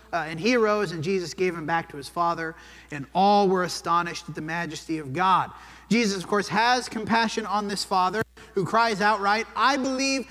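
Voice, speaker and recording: A man with a high, sharp voice delivers a sermon in a conversational style, regularly asking "right?". He speaks in a church sanctuary, and the recording carries long church hall reverb.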